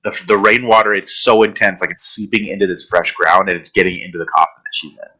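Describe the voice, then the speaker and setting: Bright-voiced man in casual podcast chat. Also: low-pitched, steady tone, fast, low-quality recording. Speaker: podcast co-host.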